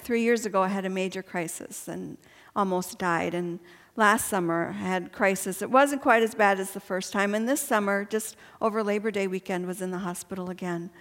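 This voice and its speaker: A woman's voice: mid-range voice, fairly bright tone. A woman giving a personal faith testimony to a women's gathering, chatty and earnest and laughing often. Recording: long hall reverb.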